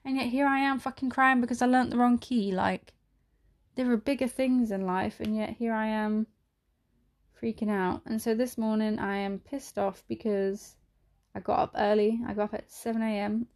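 A woman's voice: fairly high pitch, fairly even intonation, moderate pace, darkish tone. A young woman hosting a solo podcast, talking candidly and emotionally with lots of "like" fillers and the odd swear word. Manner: rambling, many "like" fillers and swearing; emotional, voice near tears at times. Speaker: podcast host.

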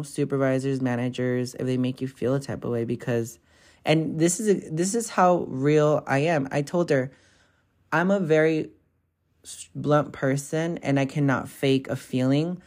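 A woman's voice: rumbling low, a little mellow. A young woman vlogger telling stories in a casual, rambling way, swearing freely and filling her talk with constant "like"s. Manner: profane, rambling, filler-heavy with constant "like". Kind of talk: casual storytelling vlog.

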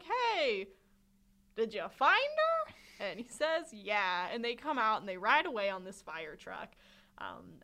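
A woman's voice: medium pitch, sharp tone. A woman co-hosting a podcast, chatting casually about a film and laughing often as she retells its scenes. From Swedish. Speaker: podcast co-host.

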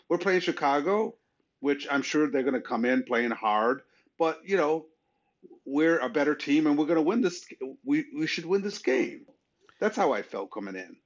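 A man's voice: on the high side, animated, normal speed. Chatty man, slightly muffled audio. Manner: conversational, rising with enthusiasm, frequent "you know". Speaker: podcast co-host. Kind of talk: casual sports chat.

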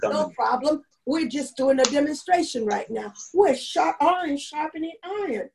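A woman's voice: high voice, lively intonation, normal speed, vocal fry, darkish tone, slight background noise, low-quality recording. A woman leading a church class in an online meeting, telling a story and earnestly exhorting her listeners.

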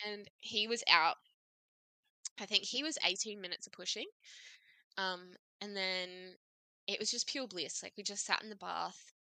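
Her voice is fairly low, bright and forceful, recorded without echo. This Australian woman in her twenties is a podcast guest sharing her story in casual, chatty fashion, sprinkling in "like" constantly and quoting herself with "I was like."

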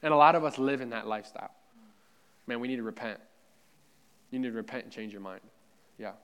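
A man's voice: mid-range voice, fast, a bit bright, clean tone. A man preaching a sermon in a church, fervent and conversational, repeating himself and talking straight to his listeners. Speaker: pastor.

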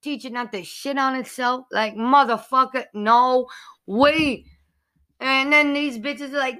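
A woman's voice: sits high, normal speed, bright, forceful tone. A woman hosting her own podcast, ranting crudely and heatedly, repeating herself for emphasis. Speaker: podcast host. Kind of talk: profane comedic rant.

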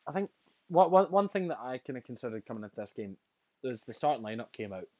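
A man's voice: mid-range voice, big pitch swings, fast, darkish tone, dry recording. A man co-hosting a casual football chat, talking chattily with frequent restarts and laughs. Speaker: podcast co-host.

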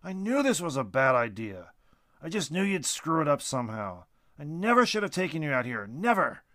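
A man voicing a gruff, stern father who barks and scolds in a storybook reading. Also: fairly high pitch, sing-song, normal speed, sharp tone, pitched above the performer's own voice. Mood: angry. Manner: barking, scolding.

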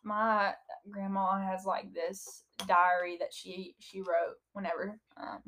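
A woman in her twenties with a Southern US accent, co-hosting a casual chat podcast, giggly and quick to react. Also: medium pitch, level tone, fairly bright tone, slight background noise. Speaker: podcast co-host.

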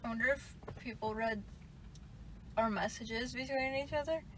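Teen girl co-host, high voice, giggly and self-mocking, faint car and rain noise. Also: normal speed, poor audio. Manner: laughs a lot, self-mocking. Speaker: podcast co-host. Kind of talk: casual chat. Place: parked car by a lake in rain.

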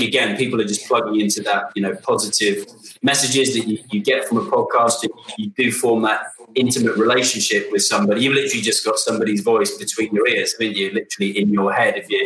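A man's voice: on the low side, bright, forceful tone. A middle-aged man hosting a podcast, chatting casually with many fillers. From United Kingdom. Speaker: podcast host. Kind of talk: casual chat. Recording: roomy, distant from mic.

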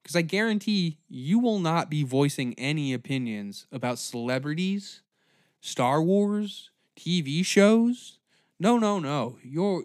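A man hosting a comedy podcast launches into a profane, mocking and angry rant, swinging between shouting and muttering. His medium-pitched voice has clean studio sound with no room sound.

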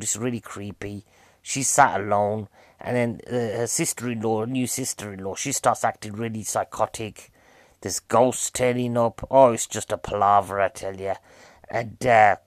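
A man's voice: mid-range voice, no echo. A man with a British accent chatting cheekily to the viewer as he reviews a film. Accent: British English. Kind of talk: casual film review monologue.

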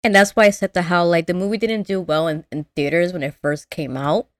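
A woman co-hosting a podcast in casual chat, animated and acting out movie lines in voices. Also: fairly low pitch, fairly quick, dry recording. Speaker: podcast co-host.

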